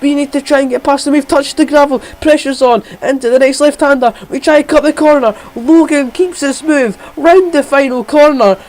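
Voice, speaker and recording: A man giving excited, rapid play-by-play commentary on his own racing game, jumping up in pitch at the big moments. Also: rough recording.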